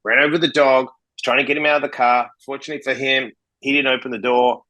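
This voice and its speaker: A man, a podcast guest telling stories in a casual, animated way and acting out both sides of the dialogue. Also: medium pitch, fast talker, low-quality recording. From Australia. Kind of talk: casual storytelling in a podcast interview.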